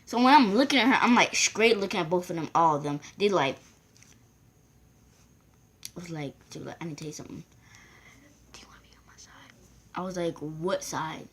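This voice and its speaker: A woman's voice: on the low side, brisk, long pauses, a little hiss or hum. A woman vlogger rambling through a casual storytime, acting out the voices of the people in it. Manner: rambling, acts out quoted voices.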